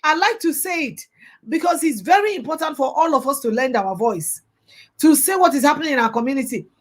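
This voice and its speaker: Fiery Nigerian woman, high voice. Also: lively intonation, a little fast. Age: young adult. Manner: passionate, preachy, mixes in pidgin. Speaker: vlogger. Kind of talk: impassioned commentary monologue.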